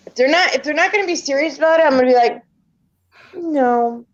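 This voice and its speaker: A woman's voice: sits high, a little fast. Chatty middle-aged woman, lo-fi audio. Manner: chatty storyteller acting out family dialogue. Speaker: panel participant. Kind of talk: casual group voice chat.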